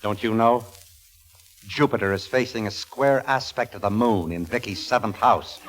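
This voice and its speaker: An actor playing a dryly exasperated astronomer husband in a 1940s radio comedy, with sardonic quips. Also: male voice, lowish voice, normal speed, close to an everyday voice. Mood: sardonic, giddy.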